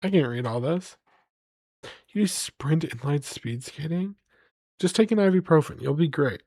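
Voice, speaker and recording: A man's voice: on the high side, expressive, normal speed, darkish tone, no room sound, clean studio sound. A man streaming live, rambling playfully to his chat as he reads place names aloud.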